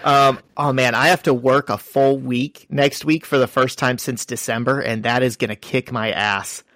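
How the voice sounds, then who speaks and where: A man's voice: medium pitch, fairly even intonation, normal speed, a bit bright, no room sound. A man co-hosting a podcast, chatting casually and acting out little quoted bits as he tells stories. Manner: chatty storyteller, acts out quotes. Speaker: podcast co-host. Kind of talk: casual chat.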